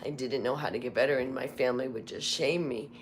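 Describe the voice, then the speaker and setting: A hoarse woman hosting a casual live stream, talking in a candid, rambling, confessional way. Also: extremely low pitch, fast talker, a little hiss or hum. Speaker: livestream host. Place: Las Vegas home.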